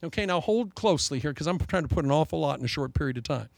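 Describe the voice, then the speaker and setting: Rapid-fire and creaky, this middle-aged pastor delivers an animated sermon, voicing his story's characters with big leaps in pitch and loudness. The recording has no room sound.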